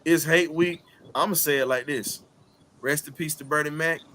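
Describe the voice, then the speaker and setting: A man hosting a sports talk show, hyped and trash-talking, dropping low and then shouting. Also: fairly even intonation, moderate pace, a little hiss or hum. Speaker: host.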